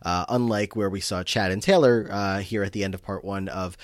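Low-voiced chatty man co-hosting. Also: brisk, no room sound, clean studio sound. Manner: chatty, lots of fillers. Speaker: podcast co-host. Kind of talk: casual film recap chat.

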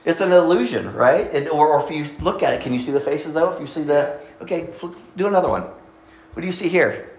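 A male pastor giving a conversational sermon, asking his congregation questions and pausing over his words. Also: fairly high pitch, reverberant, rough recording. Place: church sanctuary.

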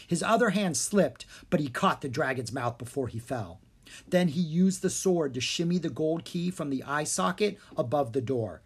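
A narrator reading a children's fantasy book aloud with steady storytelling. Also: medium pitch, breathy edge. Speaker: audiobook narrator.

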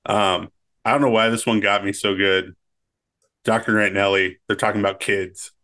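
A man's voice: on the low side, fairly even intonation, moderate pace, pushed and bright. A man co-hosting a podcast, chatting casually and wryly about scenes he likes. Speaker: podcast co-host. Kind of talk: casual chat.

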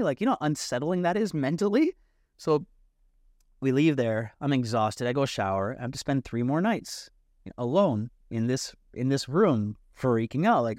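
Podcast guest, young adult male, mid-pitched, swears, acts out quotes, dry close mic. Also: animated, a little fast, darkish tone, dry recording. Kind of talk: casual storytelling.

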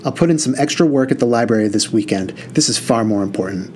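A man voicing a warm, smart young woman who is a law student. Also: mid-range voice, lively intonation, fast talker, a little hiss or hum, lightly acted. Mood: friendly.

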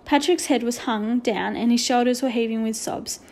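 A woman narrating a children's storybook aloud in a clear, expressive way. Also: fairly high pitch, moderate pace.

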